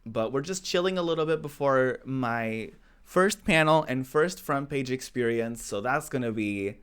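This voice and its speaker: A man's voice: mid-range voice, fairly bright tone, smooth. A man streaming a game, chatting casually with his viewers, giggling often and answering chat aloud. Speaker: Twitch streamer.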